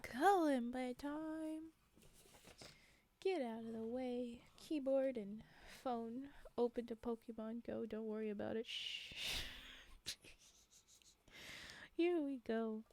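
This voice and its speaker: A woman hosting a livestream in casual chat, giggling often and rambling, with frequent drops into a breathy whisper. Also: a little high, steady tone, slow, dark tone. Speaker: livestream host.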